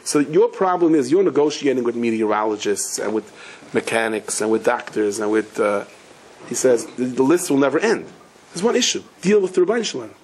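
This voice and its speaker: A middle-aged man with a husky voice, giving a sermon that runs on stories and humor. He keeps it conversational, asking his listeners questions and then answering them himself. His pitch sits in an ordinary male middle range. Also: expressive, a little fast, darkish tone. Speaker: rabbi giving a talk. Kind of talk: storytelling sermon.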